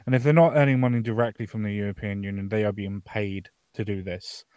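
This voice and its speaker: A man's voice: fairly low pitch, steady tone, fast talker, darkish tone, clear, resonant tone, no echo, clean studio sound. A man from Britain co-hosting a podcast, giving his opinions on politics in a casual, explaining way. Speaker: podcast co-host.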